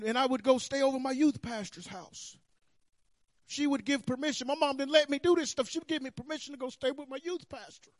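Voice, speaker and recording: A man preaching a sermon, telling his own story with animated swings between hushed and loud. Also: extremely high pitch, no room sound, clean studio sound. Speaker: pastor. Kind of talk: sermon testimony. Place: church sanctuary.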